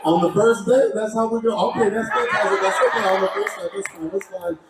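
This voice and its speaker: A man, working as a cruise director and hyping up a live crowd with call-and-response shouts, heard from a distance in a ship lounge. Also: high-pitched, a little fast, heavy reverb. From Texas. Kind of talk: live crowd hype emcee. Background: loud cheering crowd and noise.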